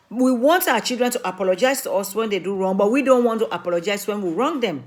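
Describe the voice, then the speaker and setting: A woman's voice: on the high side, animated, quick pace, few pauses. Earnest pleading woman from Africa. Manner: pleading, emphatic, repeats key points. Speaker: community speaker and mother. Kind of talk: earnest public talk.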